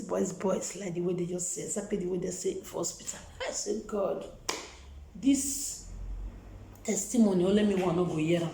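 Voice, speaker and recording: Gravelly-voiced Nigerian woman, emphatic and repetitive. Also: mid-range voice, a little slow, warm tone, roomy sound, a little hiss or hum, poor audio. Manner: emphatic, repeats phrases for emphasis. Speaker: vlogger. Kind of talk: testimony and encouragement to viewers.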